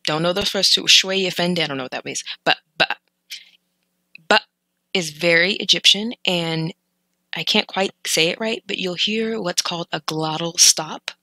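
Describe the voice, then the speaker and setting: A woman's voice: fairly low pitch, normal speed, sharp tone, no echo, poor audio. A woman learner casually explaining vocabulary from clips, thinking aloud with hesitant restarts and corrections. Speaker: language learner teaching vocabulary.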